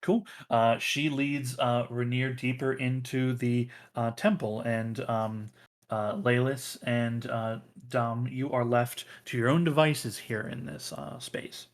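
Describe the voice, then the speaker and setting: A man narrating as game master of a tabletop role-playing game, halting with many ums and uhs. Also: mid-range voice, fairly even intonation.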